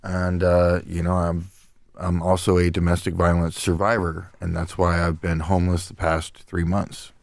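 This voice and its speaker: Man, 30s, deep voice, playful, casual talk, dry mic. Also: completely flat delivery, moderate pace, vocal fry, no room sound. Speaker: street performer. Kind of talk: casual round-table chat.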